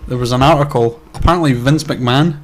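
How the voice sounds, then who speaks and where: A man's voice: medium pitch, brisk. A young Scottish man co-hosting a podcast, telling stories in a rambling way with lots of restarts. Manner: rambling storyteller, many restarts. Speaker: podcast co-host. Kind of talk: casual chat.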